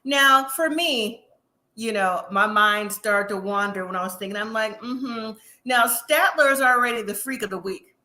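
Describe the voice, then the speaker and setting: A woman hosting a casual live-stream recap of a reality show, chatty and sassy, acting out what people said in quick asides. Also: a little high, sharp tone.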